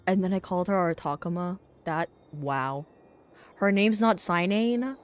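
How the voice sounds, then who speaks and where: A woman's voice: on the low side, a little slow. A woman streamer giving casual reaction commentary, chatty and full of filler words.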